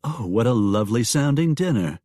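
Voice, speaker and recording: A man voicing a refined young wife on the frontier, soft and polite, in an audiobook. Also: mid-range voice, big pitch swings, fairly quick, no echo, clean studio sound, close to an everyday voice. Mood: gracious.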